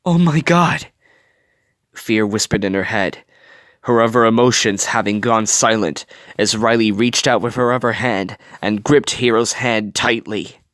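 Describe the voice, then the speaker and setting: A man reading a fan story aloud with dramatic, expressive narration. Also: on the low side, normal speed, dry recording, studio quality. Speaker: reader.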